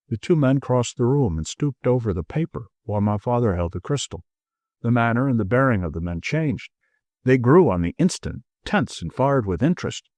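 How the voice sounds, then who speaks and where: Expressive male audiobook narrator. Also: medium pitch, moderate pace, no room sound, clean studio sound. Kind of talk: scripted narration.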